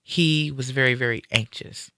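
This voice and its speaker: Bright, forceful man retelling a story. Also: medium pitch, moderate pace, clear, resonant tone, no room sound, studio quality. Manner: animated retelling, acting out quoted speech. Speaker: guest sharing a personal story. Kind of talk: casual live-stream conversation.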